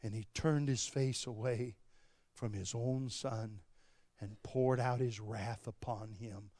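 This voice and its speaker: A man preaching a sermon, moving from slow, soft passages to loud, shouted appeals. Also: mid-range voice, fairly even intonation, dry recording. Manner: wide swings from quiet to shouting. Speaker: pastor.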